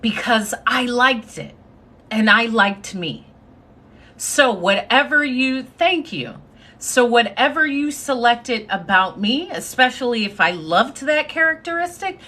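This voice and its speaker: A woman's voice: a little high, sing-song, unhurried, sharp tone. A woman giving a confident, sassy motivational talk on a live stream, thanking her viewers as she speaks. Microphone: phone.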